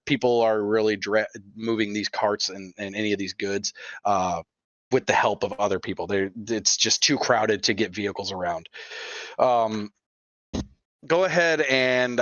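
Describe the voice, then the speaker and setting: A man's voice: lowish voice, measured pace, fairly bright tone, dry recording, muffled recording. A man running a tabletop game as game master, rambling loosely and swearing as he narrates.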